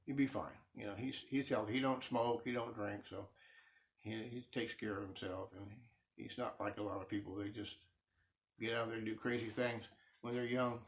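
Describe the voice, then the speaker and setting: A man's voice: fairly low pitch, fairly even intonation, moderate pace. A middle-aged man chatting casually with live viewers while sanding wood on a lathe in his workshop, rambling and reading their comments aloud. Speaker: woodworker streaming live. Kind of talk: casual chat while working. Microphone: phone.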